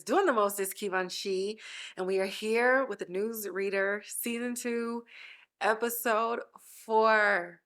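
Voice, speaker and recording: A woman's voice: mid-range voice, a bit bright. A woman hosting a casual TV recap podcast, teary and gushing, often laughing as she talks. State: teary, close to crying. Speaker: podcast host.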